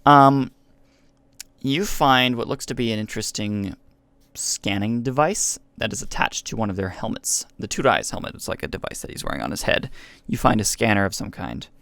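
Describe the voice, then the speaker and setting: A man's voice: on the low side, expressive, moderate pace, creaky, fairly bright tone, no room sound. A man running a tabletop game as game master, explaining the rules patiently in an easygoing way.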